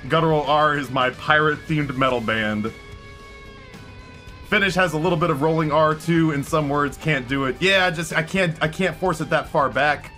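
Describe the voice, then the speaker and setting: An American streamer rambles through a casual chat with his viewers, circling back and restarting his sentences as he goes. His voice sits a little high and sounds bright and forward. Soft music plays faintly behind him. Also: normal speed. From United States. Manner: rambling, self-interrupting with many restarts.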